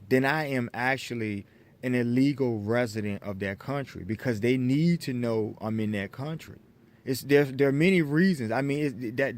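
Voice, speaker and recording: Lecturing American man, halting restarts. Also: mid-range voice, a little mellow. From United States. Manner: lecturing, repetitive restarts, addresses viewers as folks. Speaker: vlogger. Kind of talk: opinion monologue to camera.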